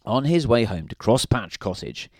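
A man's voice: mid-range voice, sing-song, normal speed, darkish tone, no room sound, clean studio sound. A man reading a children's story aloud in a playful way, now and then asking the listener questions.

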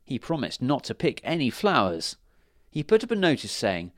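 A man narrating a children's storybook with a hugely lively, rising and falling melody. His reading is slow and emphatic, and the sound is close and completely dry. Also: mid-range voice, no room sound.

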